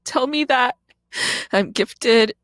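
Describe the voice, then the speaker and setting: A woman's voice: a little high, takes it slowly, a bit bright, no echo. A woman in her thirties, a podcast host and comedian, giving a raw confessional monologue in a blunt, profane way.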